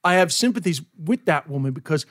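A man, around his forties, a comedian chatting on a podcast, telling stories in an animated way, acting out dialogue and swearing often. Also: a little high, fairly quick. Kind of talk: casual podcast interview.

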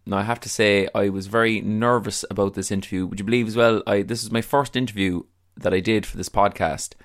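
An Irish man hosting a podcast, talking in a loose, self-mocking ramble with plenty of swearing. His voice sits a little on the low side. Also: steady tone, brisk. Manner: chatty, self-deprecating, swears freely. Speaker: podcast host. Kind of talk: casual podcast intro and interview.

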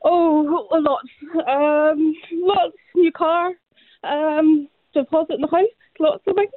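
A woman from Northern Ireland with a Northern Irish accent, on the phone to a radio show, excited and laughing in disbelief. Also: sits high, takes it slowly, dry recording. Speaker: caller. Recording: tinny phone line.

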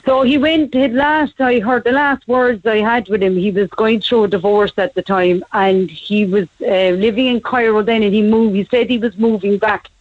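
A woman, telling a family story as a radio guest in a brisk, animated way. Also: medium pitch, dry recording. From Ireland. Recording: dry, slightly muffled radio audio.

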